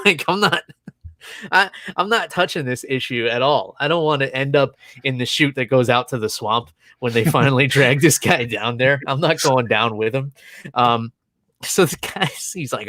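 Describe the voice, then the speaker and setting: A man's voice: mid-range voice, normal speed, sharp tone, no echo. A man in his thirties tells a long, rambling story in casual podcast chat, amused and chuckling often. His voice sits in an ordinary middle range, and it was recorded close and dry with no room sound around it. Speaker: podcast co-host.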